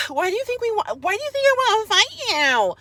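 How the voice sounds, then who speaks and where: A woman's voice: very animated, brisk, pushed and bright, no room sound, full character voice. A woman mimicking a whiny, easily hurt young woman who sounds close to tears. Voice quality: high, thin, wailing.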